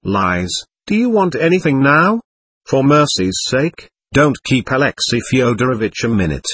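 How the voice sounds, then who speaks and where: A man's voice: mid-range voice, big pitch swings, moderate pace, fairly bright tone, slightly rough. Man reading as a gushing, fussy lady. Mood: flustered. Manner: gushing, breathless exclamations. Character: fussy excitable middle-aged lady.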